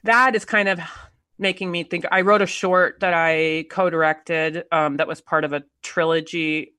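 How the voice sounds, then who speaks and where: A woman's voice: on the low side, steady tone, moderate pace, pushed and bright, dry recording. A woman in casual conversation, hesitant, with many fillers and restarts. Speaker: guest, theater artist and writer.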